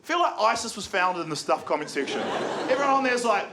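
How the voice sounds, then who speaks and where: A young man with a New Zealand accent works a live crowd, his voice sitting high and his delivery sarcastic and excitable. The live show comes through with plenty of noise behind him, audience laughter rolling under his lines. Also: fast. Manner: excitable, sarcastic, jumps into shouted mocking voices. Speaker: stand-up comedian. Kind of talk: live stand-up comedy. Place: comedy venue with live audience.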